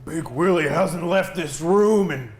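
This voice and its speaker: A man voicing a reclusive male crime lord who talks about himself in the third person, slow and self-important, in an echoey room. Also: a little high, faint music behind, voice pushed down, natural voice.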